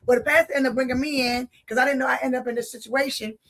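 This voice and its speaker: Woman, high voice, faith testimony, lively storytelling, preacherly. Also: quick pace. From Philadelphia. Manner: vivid storyteller, acts out dialogue; preacherly, addresses audience directly. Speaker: life speaker giving testimony.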